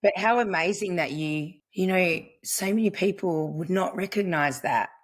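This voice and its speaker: A middle-aged woman speaking as a guest practitioner in a podcast conversation, earnest and unhurried with emphatic pauses. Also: on the low side. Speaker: guest, family constellations practitioner.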